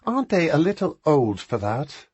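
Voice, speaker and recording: A man voicing a haughty, exasperated aristocratic woman who scolds her brother in a high, indignant tone. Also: expressive, moderate pace, slightly rough, no echo, muffled recording.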